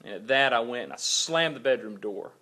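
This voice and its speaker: A father who volunteers at his church tells the story of a sleepless night on his personal video blog, acting out his own quoted lines with animation. His mid-range voice is brisk, bright and pushed, with lively intonation.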